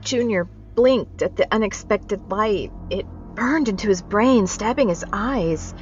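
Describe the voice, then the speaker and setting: A woman reading short fiction aloud in steady, measured narration. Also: mid-range voice. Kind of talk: storybook reading. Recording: dull lo-fi with faint music.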